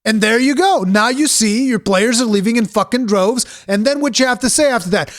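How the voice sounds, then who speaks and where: A man's voice: very high voice, a little fast, few pauses. A man giving a ranting reaction commentary, sarcastic, exasperated and full of profanity. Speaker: reaction streamer.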